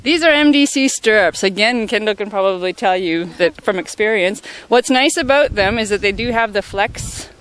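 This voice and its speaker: Quick-talking saddle rep woman, outdoors. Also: medium pitch, lively intonation, a bit bright, a little hiss or hum. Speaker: saddle company representative. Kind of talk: casual product explanation.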